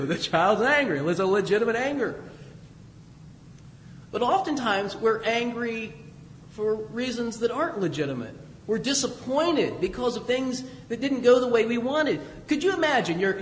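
High-voiced man preaching in an echoey hall. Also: fairly bright tone, slight background noise. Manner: conversational preaching with emphatic rises and asides. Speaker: pastor. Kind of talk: sermon.

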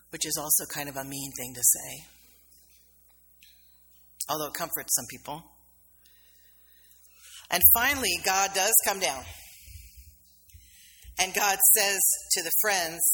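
A woman's voice: sits low, measured pace, long pauses, sharp tone. A woman minister giving a sermon in a conversational storytelling manner, acting out the voices of the people in her story. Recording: reverberant hall, faint background noise.

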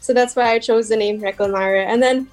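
A woman's voice: on the high side, fairly even intonation, fairly quick, darkish tone, faint music behind. A young woman who runs a small crochet shop, chatting casually in an interview, laughing often and filling with "like" and "um.". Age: young adult. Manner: giggly, chatty, many fillers. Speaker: guest, crochet shop owner.

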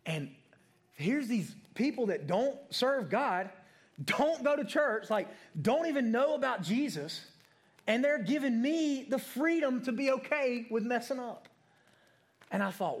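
A young adult man preaching a sermon, telling a personal story in an animated way and calling on people in the congregation by name. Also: high-pitched, normal speed.

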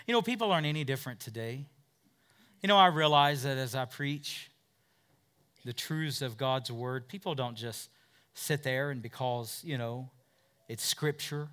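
A man preaching a sermon as pastor, moving from hushed, low passages to loud, emphatic ones and voicing doubters in quotes. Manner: acts out doubters' voices in quotes.

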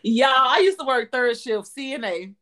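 A woman's voice: high voice, animated, normal speed, a bit bright. A woman co-hosting a podcast, chiming in with emphatic, profane stories in casual chat. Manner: emphatic, profane, interjects often. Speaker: podcast co-host.

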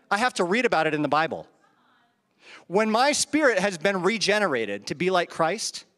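A man's voice: sits high, a bit bright. A man preaching a sermon into a handheld microphone, conversational, with rhetorical questions and chuckles at his own asides. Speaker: pastor. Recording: reverberant hall.

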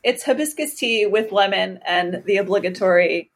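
A woman's voice: medium pitch, lively intonation, moderate pace. A woman from Hawaii co-hosting a podcast, chatting candidly, giggling and exclaiming often. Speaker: podcast co-host. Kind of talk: casual chat.

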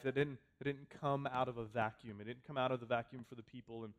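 A man's voice: medium pitch, fairly even intonation, fast talker. Man preaching with dramatic repetition. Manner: conversational preaching with repeated phrases and sudden volume swings. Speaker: pastor. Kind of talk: sermon. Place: church hall with a congregation.

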